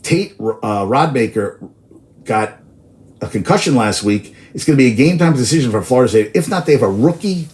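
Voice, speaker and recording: Casual male sports-talk host, mid-pitched, loose and tangent-prone, swears freely. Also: expressive, moderate pace, a little mellow. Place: outdoors in New York.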